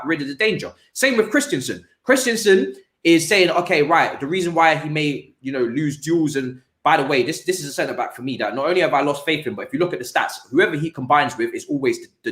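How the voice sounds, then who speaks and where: A man hosting a casual football podcast, talking in an animated way with frequent restarts and repeated words. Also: a little high, echoey room. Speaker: podcast host.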